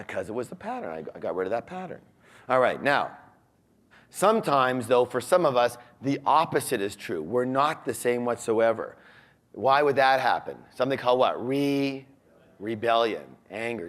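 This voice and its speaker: Animated male seminar speaker. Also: medium pitch. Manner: animated, asks the audience questions. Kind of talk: motivational seminar talk. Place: large room with a live audience.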